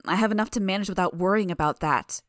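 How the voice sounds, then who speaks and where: A woman's voice: mid-range voice, quick pace, dry recording, clean studio sound, lightly acted. A woman voicing a tense, desperate young female healer in a fan audiobook, speaking in clipped, strained bursts.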